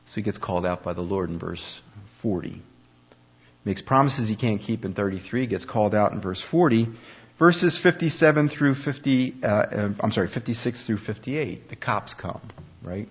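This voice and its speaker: Male preacher, low husky voice, animated storytelling delivery, muffled lo-fi recording. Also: normal speed. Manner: animated storytelling, acts out quoted speech. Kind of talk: conversational sermon. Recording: dull lo-fi recording.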